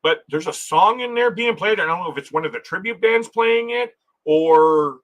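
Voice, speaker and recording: A man's voice: high voice, animated, normal speed, a bit bright, poor audio. A man hosting a casual travel livestream, reading viewer comments aloud, chatting and laughing often, restarting his sentences. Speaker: livestream host.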